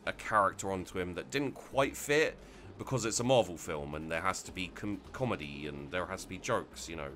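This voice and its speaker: A man's voice: sits low, bright, forceful tone, slight background noise. A man hosting a let's play, talking casually with lots of restarts and fillers while he plays. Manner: rambling, many restarts and fillers. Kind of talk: casual gameplay commentary.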